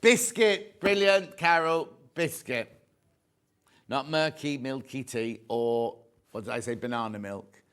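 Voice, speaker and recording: A man's voice: medium pitch, takes it slowly, a bit bright, clean tone. An English man presenting a live shopping show, chatting jokily, reading out viewer messages and showing fabrics. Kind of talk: live home shopping chat. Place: TV studio.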